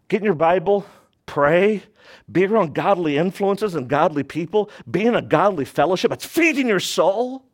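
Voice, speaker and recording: A man preaching a sermon as a pastor, speaking emphatically, asking the congregation rhetorical questions and swinging between raised and hushed delivery. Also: medium pitch.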